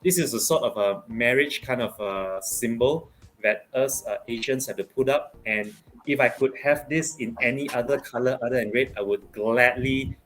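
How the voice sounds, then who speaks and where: Halting man in casual football chat. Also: mid-range voice, a bit bright. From Malaysia. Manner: halting, many fillers and restarts. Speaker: guest pundit.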